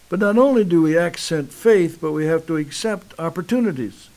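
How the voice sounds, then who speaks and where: A man preaching a sermon on the radio, measured and dramatic, pausing for effect and reading scripture aloud. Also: fairly high pitch, animated, darkish tone.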